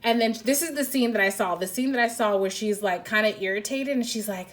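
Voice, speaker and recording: A woman's voice: fairly high pitch, a little fast, hardly any pauses. A woman giving a casual intuitive card reading, rambling and tentative, saying "like" often. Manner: rambling, heavy use of "like", tentative. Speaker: tarot card reader.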